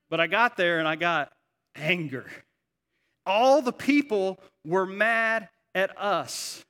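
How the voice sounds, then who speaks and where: Bright-voiced preacher in an echoey hall. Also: male voice, a little high. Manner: animated storytelling. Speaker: pastor. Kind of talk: sermon. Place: church sanctuary.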